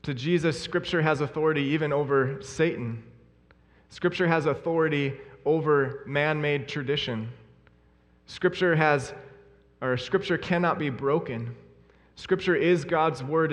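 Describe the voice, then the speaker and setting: A man's voice: on the high side, moderate pace. A man preaching a sermon in an earnest, emphatic way, repeating his key phrases. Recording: long hall reverb.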